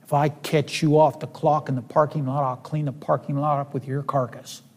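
A preacher quoting a gruff, threatening night manager. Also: male voice, on the high side, little pitch movement, moderate pace, a little mellow. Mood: menacing. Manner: blunt, menacing. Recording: reverberant hall.

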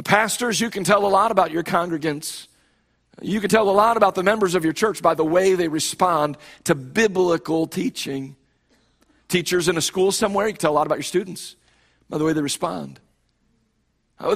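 A man's voice: high voice, a bit bright. A male pastor preaching a sermon with emphatic delivery, often repeating and restarting phrases.

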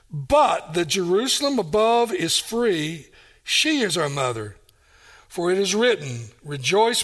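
A man's voice: on the high side, fairly bright tone. A man preaching a sermon, reading scripture aloud and explaining it verse by verse, repeating key phrases for stress.

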